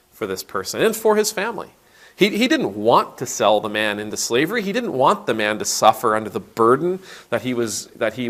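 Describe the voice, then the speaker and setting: In a conversational video sermon, a man who is an Anglican priest retells a parable casually, voicing the characters and frequently restarting sentences. He has a mid-range voice with a fairly bright tone.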